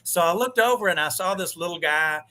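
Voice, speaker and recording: A man chatting as a guest on a live stream over a video call, telling animated stories, acting out quoted dialogue and swearing mildly. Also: high voice, a little fast. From United States. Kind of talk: casual chat.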